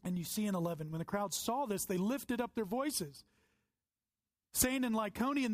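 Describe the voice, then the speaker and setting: A pastor preaches with earnest conviction, leaning hard on key words as his raised voice climbs. His tone sits high for a man. The sound is close and dry, with no room around it. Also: moderate pace, no echo. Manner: earnest, emphatic preaching with rising stresses. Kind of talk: sermon.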